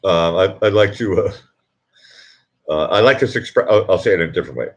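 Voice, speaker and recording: A man's voice: sits low, brisk. A middle-aged man hosting a casual live stream, chatting with viewers in a rambling, self-interrupting way and chuckling at his own jokes. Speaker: livestream host.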